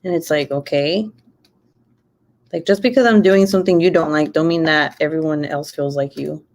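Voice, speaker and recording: Brief: young adult woman, slightly low voice, loose foul-mouthed chatty vlogger. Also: moderate pace, a little mellow. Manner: chatty, swears freely, rambling asides. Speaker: YouTuber. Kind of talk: casual late-night craft livestream chat.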